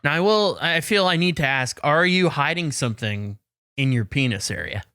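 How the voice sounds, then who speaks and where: A man's voice: fairly high pitch, lively intonation, normal speed, background noise. Teasing male podcast co-host. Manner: teasing, asks joking questions. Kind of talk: casual podcast chat.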